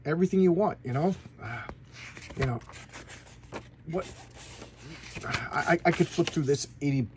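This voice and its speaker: A man hosting a casual comic book review, talking excitedly and repeating himself as he gushes. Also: mid-range voice, a little hiss or hum. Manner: excitable, gushing, repeats words. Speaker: comic book channel host.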